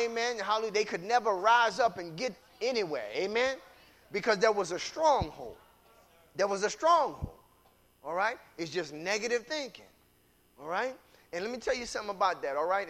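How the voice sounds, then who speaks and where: A man preaching a sermon with call-and-response phrases, repeating lines and building into shouts. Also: high voice, expressive, moderate pace.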